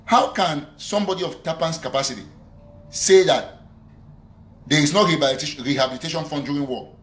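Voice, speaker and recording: A man's voice: a little high, brisk, a bit bright. A man making an earnest, pleading appeal for unity during a live show, often repeating himself. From Cameroon. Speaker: activist speaking on a live show.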